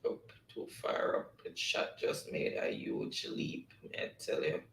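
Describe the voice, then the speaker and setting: A man's voice: a little slow, fairly bright tone, roomy sound, slight background noise, low-quality recording. A man with a Jamaican accent hosting a casual live-stream quiz, reading chat messages aloud and laughing often.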